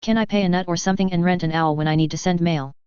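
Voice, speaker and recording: Young boy, sharp and prickly, voiced by a woman, lowish clear voice, dry dull recording. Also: steady tone, very fast, dry recording, lightly acted. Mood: earnest. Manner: argumentative, lecturing, rising to shouting fury. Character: an eleven-year-old boy, clever and proud, quick to anger.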